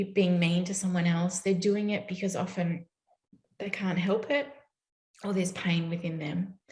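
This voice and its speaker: Her voice sits low with a darkish tone, captured with roomy echo. A parenting educator, she gives a conversational talk at a summit, often checking in with her audience by asking "right?"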